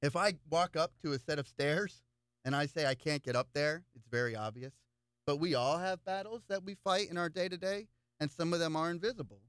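A man's voice: on the high side, brisk, clean tone, dry recording, studio quality. A man running for local office, talking casually in an interview and telling stories with lots of repeated words. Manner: animated storyteller with frequent repeated words. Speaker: political candidate. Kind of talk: casual interview chat, storytelling.

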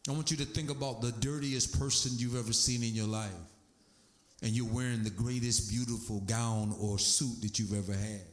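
A man preaching a sermon, animated, his voice climbing high as he gets excited. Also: normal speed. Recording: echoey room.

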